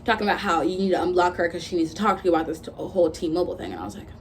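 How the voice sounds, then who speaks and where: Talking very fast in a low, fairly even voice, a twentysomething woman rants her way through a storytime vlog. There's slight background noise. She swears freely, speaks bluntly, and reenacts arguments with quoted exchanges.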